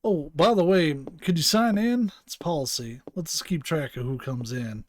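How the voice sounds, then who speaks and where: A man's voice: on the high side, moderate pace, a little hiss or hum, lightly acted. Give me a man playing an offhand, chatty male receptionist.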